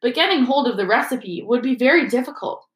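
A woman's voice: a little high, expressive, fairly quick, a bit bright, voice pushed up. A woman voicing a clever, cautious teenage schoolgirl who talks earnestly, in an echoey room. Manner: earnest, careful.

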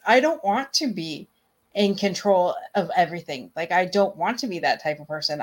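A woman talking casually as a guest, hesitant and restarting her sentences, laughing now and then. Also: lowish voice. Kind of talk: casual conversation.

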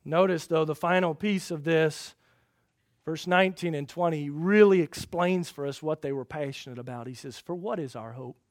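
A man preaching a sermon as pastor, asking the congregation rhetorical questions and swinging between loud emphatic peaks and quiet low passages. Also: moderate pace, dry recording, studio quality.

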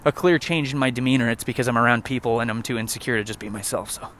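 A man's voice: mid-range voice, rapid-fire, fairly bright tone, a little hiss or hum. A young man rambling and joking with lots of swearing while walking a trail outdoors. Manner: profane, rambling, jokey. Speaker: vlogger. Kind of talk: casual rant while walking.

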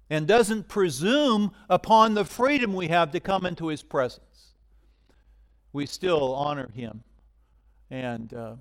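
Conversational male pastor preaching. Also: on the high side. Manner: conversational, swings from loud emphasis to near-whisper. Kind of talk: sermon.

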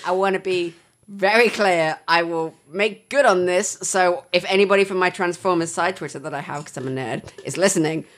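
A woman on a podcast, talking emphatically and with wry humour, laughing often. Her voice sits a little low for a woman, and the talk is a loose, casual chat among friends. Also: moderate pace, a bit bright. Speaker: podcast co-host.

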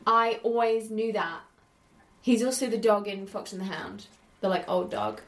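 A woman's voice: mid-range voice, lively intonation, normal speed. A woman chatting casually while watching a film with a friend, swearing freely and laughing often. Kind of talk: casual watch-along chat. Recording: roomy sound with crowd noise.

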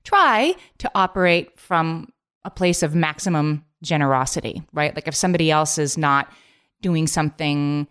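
A woman with a somewhat low voice co-hosts a casual podcast. She talks in quick, loose bursts full of filler words. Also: lively intonation, a bit bright, clear, resonant tone. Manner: quick, chatty, lots of fillers like "like". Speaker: podcast co-host.

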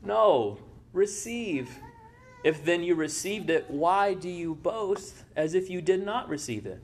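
A man's voice: sits high, animated, slow pace, a little hiss or hum. Guy pastor giving a sermon, talks like he's just chatting with you, lots of "right?". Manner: conversational, tags points with "right?".

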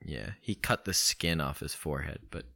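A man's voice: rumbling low, moderate pace, vocal fry, pushed and bright. A young man co-hosting a comedy podcast, rambling through a text adventure with lots of ums and trailing-off anyways. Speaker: podcast co-host running a text game. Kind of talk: casual comedic banter.

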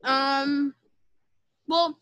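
A woman's voice: sits high, fairly even intonation, extremely slow, sharp tone, no room sound, muffled recording. A young girl co-hosting a casual podcast, rambling and giggly, acting out text messages in a sassy voice. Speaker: podcast co-host. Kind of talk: casual chat.

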